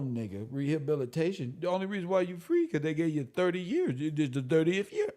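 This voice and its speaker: A man, lecturing his viewers in a preachy monologue. He swings from loud outbursts to softer asides. His talk is full of slang and swearing. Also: fairly high pitch, lively intonation, brisk, hardly any pauses. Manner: swings between loud and soft, exclaiming, swearing, slang-heavy. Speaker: online commentator.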